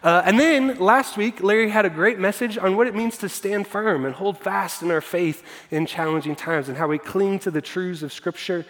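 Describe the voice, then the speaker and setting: A man's voice: high-pitched, moderate pace, hardly any pauses, a bit bright. A man preaching a sermon as pastor, conversational and self-deprecating, with frequent fillers. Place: church hall. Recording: long hall reverb.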